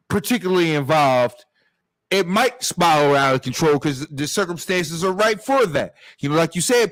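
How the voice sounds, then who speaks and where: A man in a casual debate among friends, reasoning his points out in a measured way and repeating words as he thinks. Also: high voice, a bit bright.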